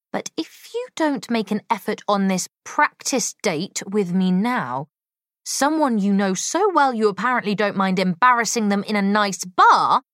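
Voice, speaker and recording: A woman doing a sarcastic sharp-tongued sister. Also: high voice, no room sound, studio quality, voice pushed up. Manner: sarcastic, muttering through clenched teeth.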